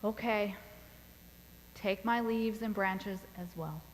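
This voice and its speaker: Woman playing a humble bamboo plant, male, soft trembling pleas, slow, echoing hall. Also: medium pitch, slight background noise, close to an everyday voice. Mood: resigned.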